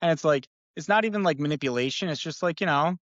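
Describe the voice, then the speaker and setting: A young man talks fast and casually, circling his points with lots of fillers and an upbeat, encouraging tone. His voice sits in a middle register. The recording is dry and a little dull, like a modest podcast mic. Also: fairly high pitch, fairly bright tone, no room sound. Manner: rambling, upbeat, many fillers like "you know". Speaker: personal trainer, guest.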